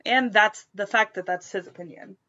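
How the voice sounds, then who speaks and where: Woman, podcast co-host, casual chat, supportive reactions, bright voice, slightly muffled sound. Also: medium pitch, normal speed. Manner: supportive listener, short reactions and laughs.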